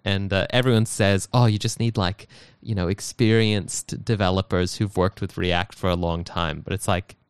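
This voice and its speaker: A man's voice: deep voice, steady tone, normal speed, few pauses, smooth, no echo, clean studio sound. A man co-hosting a podcast, chatting casually and joking with many fillers. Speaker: podcast co-host. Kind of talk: casual tech chat.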